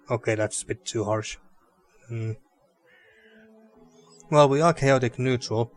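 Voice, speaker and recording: A man's voice: medium pitch, unhurried, pauses often. Man thinking aloud while gaming. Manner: thinking aloud, hesitant, with fillers. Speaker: let's play host. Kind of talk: casual gameplay commentary.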